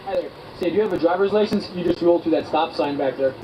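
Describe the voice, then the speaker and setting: An actor playing a courteous, friendly police officer in a training video. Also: male voice, a little high, natural voice. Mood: polite. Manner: courteous, brisk. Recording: muffled, noisy old video sound.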